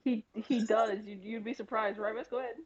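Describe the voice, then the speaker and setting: A woman's voice: on the high side, fairly even intonation, brisk, lo-fi sound, crowd noise. A woman player chatting casually in a tabletop game, joking, stammering, and exclaiming.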